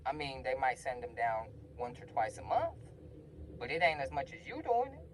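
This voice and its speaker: A man telling a personal story in a casual storytime vlog, animated, using slang and acting out the voices. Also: medium pitch, moderate pace, slight background noise, poor audio.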